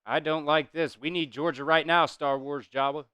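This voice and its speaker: A man hosting a live stream, calling plays casually, reacting loudly, swearing and talking to his chat. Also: a little high, moderate pace, clean tone, no echo. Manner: excitable, swears, talks to chat. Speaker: host doing live play-by-play.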